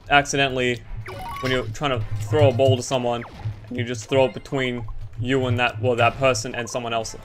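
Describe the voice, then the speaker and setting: A man's voice: medium pitch, fairly bright tone. A young Australian man giving rambling, goofy and self-deprecating gameplay commentary over faint game music. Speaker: gaming YouTuber.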